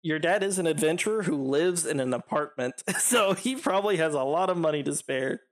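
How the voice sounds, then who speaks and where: Casual male game master, slightly high voice, loose and rambling. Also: animated, brisk. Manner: rambling, filler-heavy, laughs easily. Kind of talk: narrating a tabletop game.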